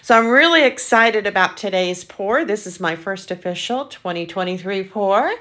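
A woman hosting her own art channel, talking casually and gushing with excitement, full of ums and repeats. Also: medium pitch. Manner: gushing, enthusiastic, filler-heavy. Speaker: acrylic pour artist, channel host. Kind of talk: casual vlog narration.

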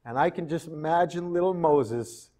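Animated storytelling male preacher. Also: on the high side, normal speed. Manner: animated, conversational, slips into character voices. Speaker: pastor. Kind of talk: storytelling sermon.

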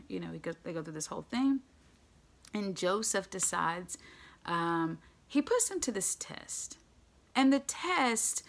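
A woman preaching a sermon, retelling a story with lively, casual delivery and acting out the characters' lines. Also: on the low side, a little slow. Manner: animated, acts out characters in casual voices.

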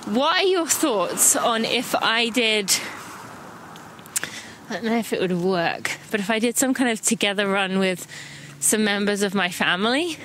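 A woman's voice: medium pitch, lively intonation, unhurried, a bit bright, slight background noise, low-quality recording. An English woman hosting a running podcast, chatting casually and counting listeners into strides as she walks outdoors. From England. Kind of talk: casual audio running guide. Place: walking outdoors.

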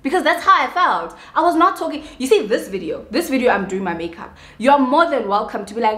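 A woman's voice: fairly high pitch, fast, few pauses. Xhosa-accented woman ranting in an echoey room. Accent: South African, Xhosa. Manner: animated, switching between English and Xhosa, asks "you understand?". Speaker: beauty vlogger. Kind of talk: casual ranting while doing makeup.

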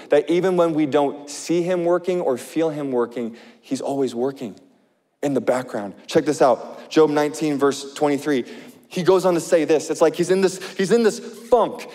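Male pastor, mellow yet high-pitched voice, passionate sermon delivery with long hall echo. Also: normal speed. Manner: impassioned, swings from loud to hushed.

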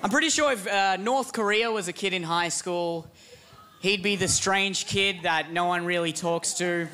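A man riffs through a comedic monologue, animated and quick to laugh. His voice sits high and bright. A faint hiss lies under the recording. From Australia.

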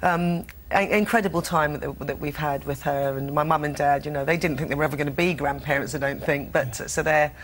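Low-voiced woman with a London accent. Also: fairly even intonation, brisk, few pauses. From Scotland. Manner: chatty, restarts words, laughs easily. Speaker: actress guest. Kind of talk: TV studio interview chat. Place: TV studio.

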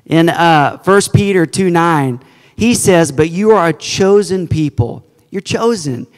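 A man's voice: fairly high pitch, expressive, unhurried, long reverb tail. A male pastor preaching a sermon, earnestly quoting scripture to his congregation. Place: church sanctuary.

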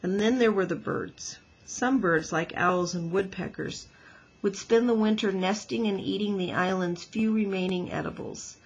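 A woman teacher reading a children's book aloud with gentle, expressive storytelling. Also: mid-range voice, normal speed, breathy edge, poor audio.

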